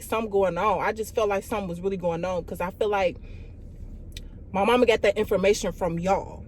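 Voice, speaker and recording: Animated young woman telling a storytime vlog. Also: mid-range voice, slight background noise. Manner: animated, profane, fillers of "like" and "y'all". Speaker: vlogger.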